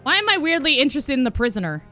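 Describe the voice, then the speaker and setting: A woman streaming a video game live, excitable and giggly as she thinks aloud. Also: high-pitched, rapid-fire. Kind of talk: live gaming stream chat. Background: game music.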